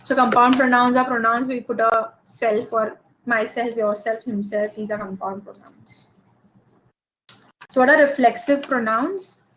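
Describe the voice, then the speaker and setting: A woman teaches a grammar lesson and works through one example after another. Her voice sits fairly high, and she often stops to check in with "okay?". A faint hiss of noise runs under the recording. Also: steady tone, a little slow, a bit bright, low-quality recording. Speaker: English teacher.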